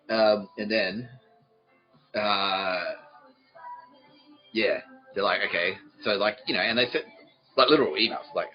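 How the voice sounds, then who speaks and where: On his podcast, an Australian man with a fairly low voice tells a meandering comic tale, cursing, laughing, and switching between quoted characters. The audio sounds dull.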